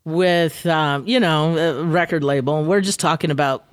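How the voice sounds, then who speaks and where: A woman radio DJ telling an animated, profane anecdote as a guest, laughing as she goes. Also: sits low, normal speed, smooth, dry recording, clean studio sound. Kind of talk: storytelling anecdote.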